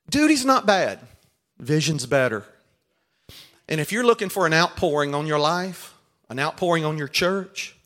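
Male preacher, high voice, comic call-and-response sermon style. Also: fairly bright tone. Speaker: pastor leading a marriage seminar.

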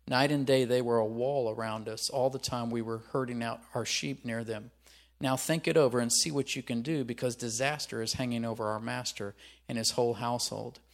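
A male preacher reading a scripture passage aloud and commenting on it in an animated sermon, asking the listeners to repeat lines after him. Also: medium pitch.

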